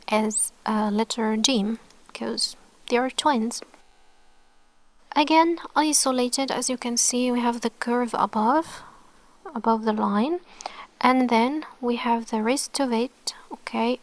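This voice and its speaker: A woman with an Egyptian accent teaches Arabic letters patiently, using many fillers and often dropping to a soft whisper. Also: fairly high pitch. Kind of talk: online alphabet lesson.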